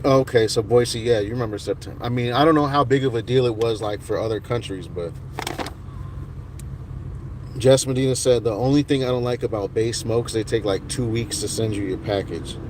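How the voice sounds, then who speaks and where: Reading chat aloud on his livestream, a US man in his thirties chats in a laid-back, rambling way and restarts often. He speaks fairly quickly in a mid-range voice over a noisy background.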